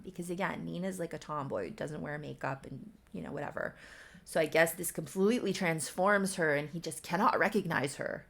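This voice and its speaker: Gravelly woman riffing on her old story. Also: lowish voice, fairly quick, a bit bright. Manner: amused, wry asides. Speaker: creator rereading her own story. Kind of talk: casual riffing read-aloud.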